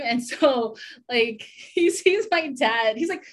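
A woman's voice: fairly high pitch, very animated, slow pace, a bit bright. A woman chatting casually on a podcast, telling a personal story with lots of fillers and frequent laughter.

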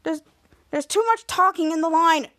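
A woman voicing a self-important teenage boy working as a club bouncer, loud and commanding. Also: very high-pitched, normal speed. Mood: bossy.

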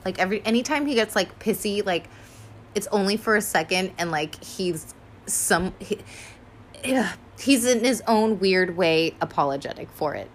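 A young woman at a middle pitch talks through her reactions to an animated film in a loose, rambling way. She piles on fillers and swears freely. She sounds a little tired. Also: normal speed, slight background noise. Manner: chatty and rambling, swears often, lots of fillers. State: tired and yawning. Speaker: first-time viewer reacting to an animated film. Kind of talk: casual rambling reaction commentary.

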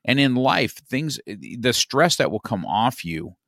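A man's voice: mid-range voice, big pitch swings, slow, gravelly, a bit bright, dry recording, studio quality. A middle-aged man, a podcast guest, telling a story in casual chat, rambling with many restarts and "you know, man.".

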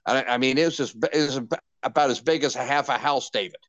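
An older radio veteran tells stories with excitement, stumbling over restarts and slipping into the voices of the people he quotes. His recording is dry and close, with no room sound. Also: mid-range voice, quick pace, no room sound, highs cut off. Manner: animated anecdotes with many restarts and quoted dialogue. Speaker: radio personality guest. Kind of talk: candid storytelling interview.

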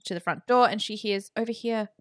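A woman's voice: medium pitch, a little fast, no echo, clean studio sound. A woman co-hosting a podcast, recapping a horror film in chatty, wry casual talk. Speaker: podcast co-host.

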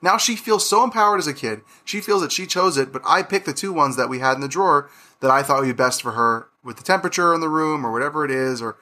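A man hosting a podcast, telling animated stories about his young daughter and acting out their exchanges. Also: a little high, fast talker, few pauses. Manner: animated storyteller, acts out his daughter's lines. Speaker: podcast host. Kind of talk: podcast interview.

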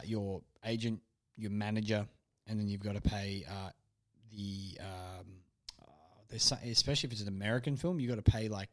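A man co-hosting a casual podcast chat, joking and chatty in lively banter. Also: fairly low pitch. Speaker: podcast co-host.

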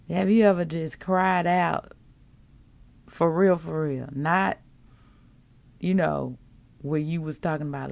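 A woman's voice: low voice, unhurried, gravelly, darkish tone, no room sound. A woman hosting a devotional podcast, preaching in a casual, folksy way and reading scripture aloud. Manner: casual, folksy, quotes scripture and acts out complaints. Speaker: podcast host.

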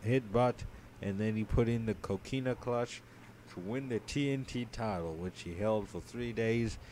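A man co-hosting a podcast, giving a casual play-by-play recap of a wrestling match, sleepy and yawning, his voice trailing off quietly with many ums. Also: fairly low pitch, normal speed, slight background noise. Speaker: podcast co-host.

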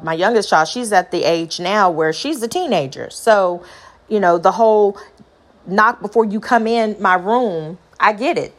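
A middle-aged woman with a high voice, talking earnestly about parenting and repeating phrases for emphasis. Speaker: parent sharing advice. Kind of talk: personal talk to camera.

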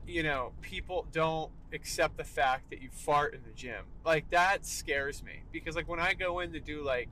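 A man's voice: on the high side, moderate pace, sharp tone, slight background noise, low-quality recording. A young man hosting a solo podcast, talking emphatically and tagging "all right" onto his points. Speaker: podcast host.

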